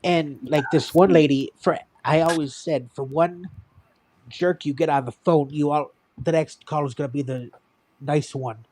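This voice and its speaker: A man's voice: on the high side, moderate pace. A man, hosting a livestream and casually telling stories from his old retail job, acting out what customers and coworkers said. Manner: animated anecdote telling, acting out other people's lines. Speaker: streamer.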